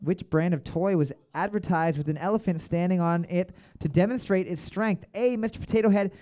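A man's voice: high-pitched, a little fast, mellow. A man hosting a bar trivia night, reading each question twice and joking between rounds. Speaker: trivia host.

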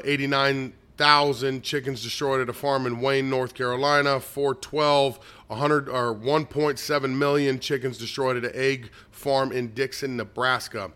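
A man whose mid-range voice is a bit bright and clean hurries through a lengthy list of dates and places taken from his notes. The pace makes him stumble, so his reading is dotted with restarts and fillers.

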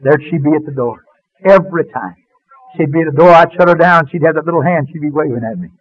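A man giving an earnest spoken testimony, sinking low and soft at painful memories. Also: fast talker. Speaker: testifying speaker. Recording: dull dry radio sound.

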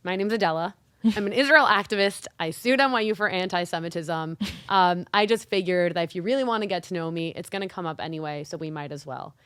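A young adult woman co-hosting a podcast in casual chat, an animated storyteller who acts out the dialogue. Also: lowish voice, quick pace, smooth, no echo, clean studio sound. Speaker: podcast co-host.

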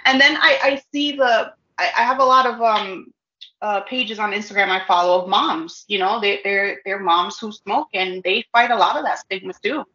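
A woman guest talking casually about her work as a cannabis educator, animated, laughing often and acting out dialogue. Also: medium pitch, normal speed. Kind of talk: casual interview chat. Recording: dull lo-fi audio in an echoey room.

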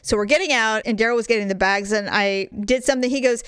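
A woman's voice: medium pitch, fast talker, fairly bright tone, smooth, no room sound, studio quality. A woman in her thirties, a stay-at-home mom co-hosting a casual chat podcast, blunt and profane as she tells stories and acts out quotes. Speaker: podcast co-host.

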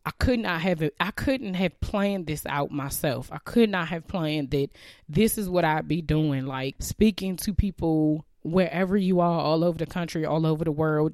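A woman podcast host with a deep, slightly mellow voice talks casually and from the heart about faith on a close, dry recording. She is candid, emotional and teary, chatting with many fillers.

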